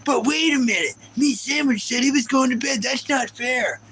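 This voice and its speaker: A man putting on the voice of a whining male chat troll, mocking him in a high, complaining tone. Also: moderate pace, fairly bright tone, low-quality recording. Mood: whiny. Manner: mocking whine, high-pitched.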